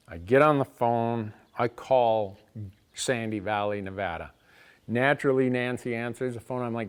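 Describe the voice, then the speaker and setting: A man's voice: medium pitch, moderate pace, smooth. A man telling a funny personal story in a casual way, restarting sentences and adding wry asides. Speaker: storyteller on an outdoors show. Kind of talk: casual spoken anecdote. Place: shop.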